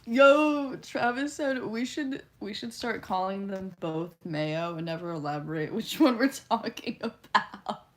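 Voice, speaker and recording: A young woman chats on a live stream, unhurried and easygoing, with an ordinary mid pitch. She reads viewer comments aloud and answers them in a teasing, giggly way. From Canada. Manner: giggly, teasing, often laughing between lines. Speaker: livestreamer.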